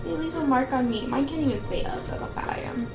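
A young woman co-hosting a casual podcast who laughs loudly and often and swears freely while chatting about a movie. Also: high-pitched, over music. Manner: loud, giggly, swearing, quick bursts of laughter. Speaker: podcast co-host. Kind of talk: casual chat watching a movie. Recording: echoey room with faint hiss.

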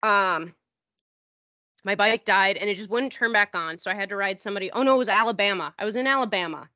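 A woman on a podcast telling a long story in casual chat, rambling and acting out what people said in a higher voice. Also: fast talker, sharp tone, no room sound. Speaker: podcast host. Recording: dull, dry lo-fi audio.

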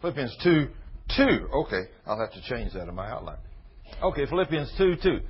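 Folksy preacher man, husky. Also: mid-range voice, big pitch swings. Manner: folksy, reads scripture slowly and emphatically. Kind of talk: informal Bible teaching. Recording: dull lo-fi sermon recording.

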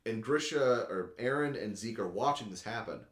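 A man chatting casually as a podcast host, rambling and excitable, leaning on "like" and swearing a lot. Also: on the low side, normal speed. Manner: rambling and excitable, heavy use of "like", swears often. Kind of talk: casual chat recapping an anime episode. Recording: echoey room.

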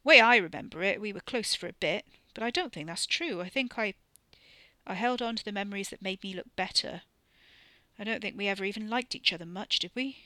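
A woman's voice: mid-range voice, fairly quick, bright, forceful tone, no room sound, natural voice. A woman reading the part of an irritable young man, swearing and teasing. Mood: exasperated. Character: irritable young British man, blunt and sarcastic.

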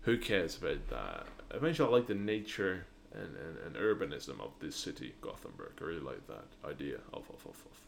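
A man's voice: extremely low pitch, big pitch swings, fairly quick, creaky, few pauses, a little hiss or hum. A young man with a British-leaning accent, hosting a solo podcast and rambling with many restarts and fillers. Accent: British-leaning English, non-native. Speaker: podcast host.

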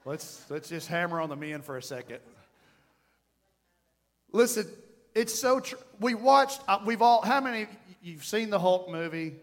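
High-pitched preaching man in a reverberant church. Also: measured pace, long pauses. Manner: animated, playful, with growled bits. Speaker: pastor. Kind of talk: sermon. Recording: long hall reverb.

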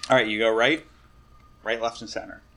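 A man's voice: on the low side, fairly even intonation, a little fast, sharp tone. A man narrating a tabletop game as game master, in a casual, rambling way.

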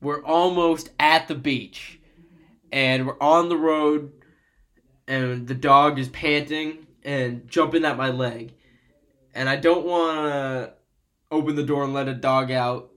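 A man's voice: fairly high pitch, fairly even intonation, slow, a bit bright. A young man in casual podcast chat, telling rambling, sweary stories and laughing often, recorded on a computer microphone. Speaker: podcast co-host.

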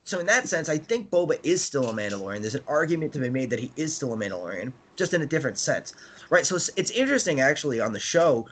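This American man talks fast and very animatedly in casual conversation, his voice on the high side. He rambles with many fillers and restarts and keeps laughing as he goes.

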